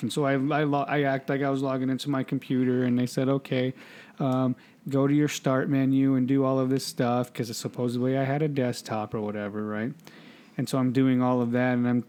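Brief: male podcast co-host, mid-pitched, crude, laughing storyteller. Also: a little mellow. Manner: swears freely, laughs while telling stories. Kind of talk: casual chat.

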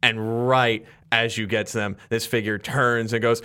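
A man's voice: medium pitch, level tone, measured pace, few pauses, sharp tone, clean tone. A man running a tabletop game, narrating scenes in a loose way with many fillers. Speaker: game master.

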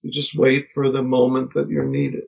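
A middle-aged man, a podcast guest, telling family stories in a reflective, halting way with many pauses and restarts. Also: medium pitch, completely flat delivery, gravelly, a little mellow, slightly rough. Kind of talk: casual conversation. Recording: dull lo-fi podcast audio.

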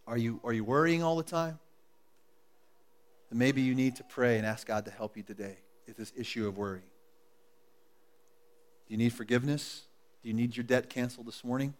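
A man preaching a sermon to his congregation, dropping to a hush and then rising to loud, emphatic appeals. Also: mid-range voice, normal speed, long pauses. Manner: swings from hushed and intimate to loud and emphatic, coaxing the congregation. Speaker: pastor. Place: church service before a congregation. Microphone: live sermon recording.

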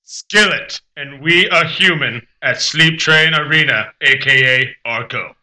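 A man's voice: fairly high pitch, measured pace, pushed and bright, rough recording. A man in a band reading out concert listings on a radio show, laughing often and tripping over names. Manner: giggly, stumbles over names.

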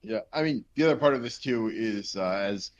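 A man's voice: fairly low pitch, a little fast, lo-fi sound. A young man from New Jersey co-hosting a casual podcast, rambling with lots of fillers. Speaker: podcast co-host. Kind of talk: casual chat.

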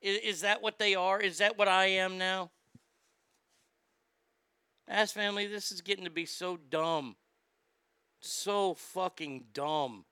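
A man's voice: sits high, steady tone, unhurried, long pauses, pushed and bright, smooth, no room sound. A man ranting in a sarcastic, indignant, profane commentary, recorded on a close mic. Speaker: social media commentator.

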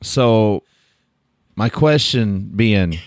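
A man with a lower voice hosts a casual podcast. He is easygoing and asks his guests questions. The sound is dry and close. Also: animated, very slow, dry recording. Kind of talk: casual chat.

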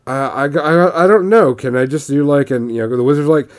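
A man's voice: fairly high pitch, a little fast, hardly any pauses. A man casually telling a tabletop gaming story, rambling with frequent restarts and quoted voices.

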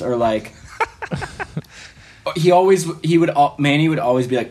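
A man's voice: medium pitch, normal speed, pauses often, darkish tone, a little hiss or hum. Rambling, laughing male podcast guest. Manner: rambling, filler-heavy, often laughing. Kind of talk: casual storytelling.

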